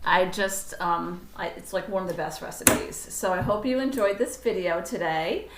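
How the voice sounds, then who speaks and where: A woman's voice: fairly low pitch, normal speed, very noisy. Chatty woman demonstrating a recipe. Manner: chatty, self-correcting, talks to herself as she cooks. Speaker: cooking instructor. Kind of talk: casual cooking demonstration. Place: home kitchen. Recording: roomy kitchen sound from a distant camera mic.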